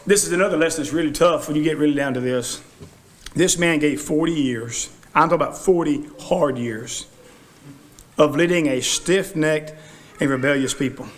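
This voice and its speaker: A man preaches in a church with a notably high voice. His delivery is folksy and animated, and he slips into quoted voices to act out the people he talks about. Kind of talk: sermon.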